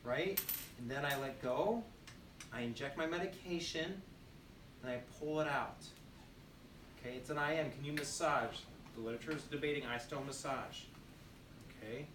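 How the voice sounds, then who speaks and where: A nursing instructor gives a classroom demonstration lecture in a voice somewhat high for a man, fairly bright and a little fast, with long pauses. He speaks emphatically, drilling key phrases through repetition and firing questions at students. The mic sits at a distance in an echoey room with faint background noise.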